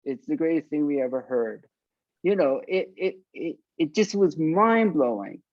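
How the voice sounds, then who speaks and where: A man's voice: on the high side, moderate pace, no echo, highs cut off. An older man from South Florida, a punk singer, telling stories in an interview and acting out the voices of the people in them. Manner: animated storyteller acting out quoted voices. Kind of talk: casual storytelling interview.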